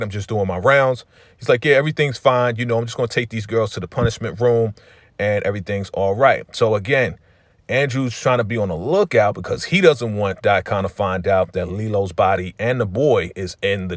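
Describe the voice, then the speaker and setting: A man's voice: on the low side, no echo, studio quality. A man casually retelling a drama episode as a recap host, loosely quoting the characters in his own voice and dropping many fillers.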